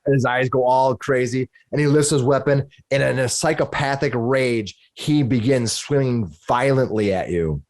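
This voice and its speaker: A man's voice: medium pitch, moderate pace, hardly any pauses. A man acting as dungeon master for a tabletop game, narrating the monsters' actions with relish.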